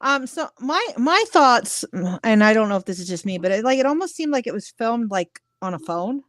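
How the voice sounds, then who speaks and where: A woman's voice: on the high side, lively intonation, moderate pace, no room sound, studio quality. A woman co-hosting a casual podcast, rambling and hesitant, with many likes and restarts. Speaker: podcast co-host. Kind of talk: casual chat.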